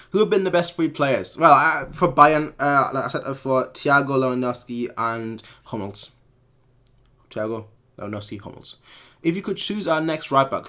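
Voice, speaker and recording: A man's voice: mid-range voice, fairly bright tone. Rambling man answering stream comments. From Munich, Germany. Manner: rambling, repeats words and corrects himself mid-sentence. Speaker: fan channel host.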